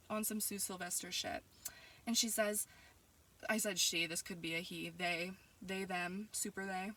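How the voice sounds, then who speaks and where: Young canadian woman reading out hate messages and clapping back, bright edgy voice, a bit far off the mic, sarcastic and preachy. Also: lowish voice, steady tone, unhurried. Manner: sassy, mocking and spiritual, rising into heated ranting. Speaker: vlogger. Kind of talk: casual monologue reading and answering messages.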